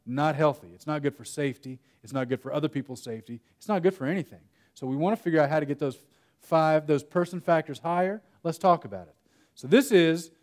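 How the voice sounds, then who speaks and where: A man presenting at a conference workshop in a slightly higher voice than most men. He talks casually and tells stories, often restarting his sentences. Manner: conversational, storytelling with self-interruptions and laughs. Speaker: workshop speaker. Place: conference room.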